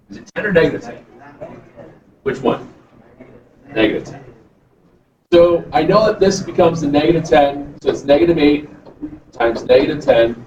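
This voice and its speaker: A man's voice: a little high, a little hiss or hum. A man teaching math in an echoey classroom. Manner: casual, asks the class questions and answers them himself. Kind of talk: classroom math review lecture. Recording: distant, echoey, dull classroom recording.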